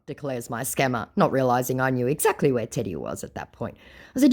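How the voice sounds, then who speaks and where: A woman's voice: extremely low pitch, sing-song, moderate pace. A woman narrating her chats with scammers in a mocking, sarcastic way. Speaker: scambaiter narrator. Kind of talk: sarcastic storytelling.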